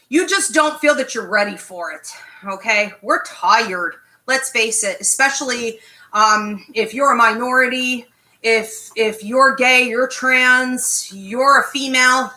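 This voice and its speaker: A woman's voice: a little high, sharp tone, low-quality recording. A woman, a psychic medium, teaching a live online class in a direct, emphatic way and often checking in with "okay?".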